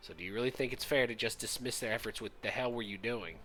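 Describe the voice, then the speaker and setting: A man's voice: mid-range voice, quick pace, a bit bright, a little hiss or hum, lightly acted. A man reading as a level-headed female swordswoman who lectures earnestly.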